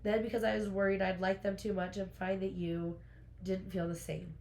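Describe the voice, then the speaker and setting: A woman's voice: mid-range voice, level tone, moderate pace, lightly acted. A woman reading as a guarded young fae woman. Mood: tender. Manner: reads book lines aloud, hushed.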